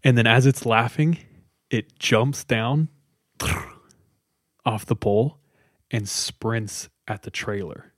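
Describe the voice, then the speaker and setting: A man's voice: mid-range voice, takes it slowly, long pauses, no echo, clean studio sound. A man casually retelling a scary story to friends, chatty and loose, with lots of fillers. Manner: conversational, loose with many fillers.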